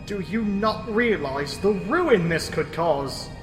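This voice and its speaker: A man's voice: sits high, expressive, slow, faint music behind. A man playing a sarcastic, theatrical male sorcerer, son of an emperor, in a comedy animation. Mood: sneering. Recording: roomy with long reverb.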